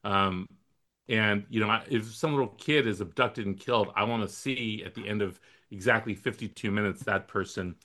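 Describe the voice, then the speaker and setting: A male podcast host with a low voice and a bright, forceful tone. He chats in a relaxed way and drops opinionated asides. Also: moderate pace. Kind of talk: casual podcast chat.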